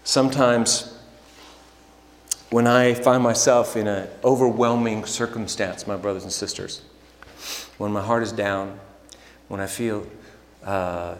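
A man preaching a sermon in a church, slow and deliberate, building to emphatic passages. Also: on the low side, fairly even intonation, slight background noise. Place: church sanctuary. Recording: echoey hall with long reverb.

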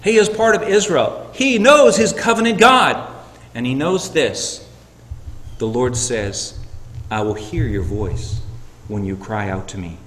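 A man's voice: medium pitch, expressive, a little slow. Man preaching in an echoey hall. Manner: dynamic preaching, swinging from loud emphatic peaks to hushed tones. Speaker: pastor. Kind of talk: sermon. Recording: echoey hall with long reverb.

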